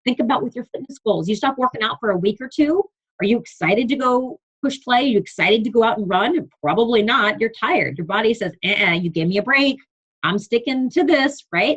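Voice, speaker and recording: A woman's voice: mid-range voice, breathy edge, highs cut off. A young adult woman coach giving an earnest, emphatic motivational talk on a team call, reading from her notes. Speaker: fitness business coach leading a team call.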